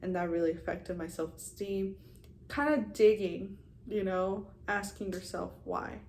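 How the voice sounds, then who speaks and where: A woman's voice: medium pitch, unhurried, a little mellow, slight background noise. A young woman in her twenties talking frankly and casually to her viewers, swearing now and then and calling them you guys. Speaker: vlogger. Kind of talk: candid personal vlog talk.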